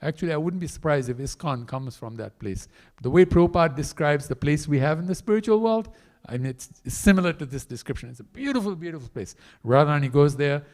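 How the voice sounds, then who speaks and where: Man preaching a story in a temple, lively singsong pitch, animated. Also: quick pace. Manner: animated storyteller, acting out voices. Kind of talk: storytelling sermon. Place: temple hall.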